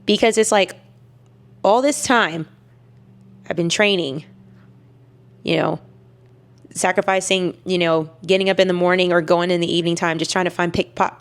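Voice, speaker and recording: A young woman telling a personal story to camera in a candid, emphatic way, with many fillers and restarts. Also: fairly low pitch. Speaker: weightlifter vlogger.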